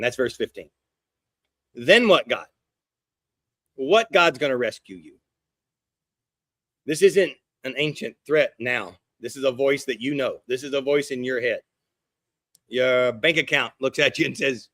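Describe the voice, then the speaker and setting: A middle-aged pastor preaching a sermon, animated and conversational, slipping into quoted voices with gasps and hushed asides. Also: male voice, mid-range voice, moderate pace, dry recording, clean studio sound.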